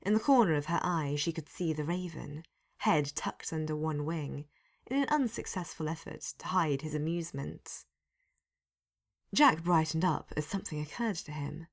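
Narrator: woman, deep and gravelly, reads slowly and dryly. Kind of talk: storytelling reading.

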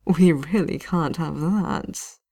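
A woman reading aloud and voicing a smug, sadistic male knight captain who croons his words slowly and with relish. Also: deep voice, expressive, gravelly, mellow, heavily acted. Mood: silky menace. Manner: silky, crooning, slow and relishing.

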